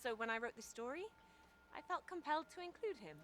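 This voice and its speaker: A lively, chatty young writer. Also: female voice, high voice, quick pace. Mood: animated. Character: upbeat young woman writer, chatty and defensive. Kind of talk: video game voice acting.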